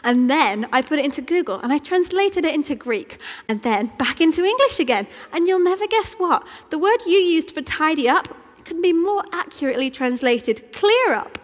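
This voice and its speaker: A woman acting out her excited six-year-old daughter, speaking high and eager. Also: normal speed, hardly any pauses. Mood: earnest. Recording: long church reverb.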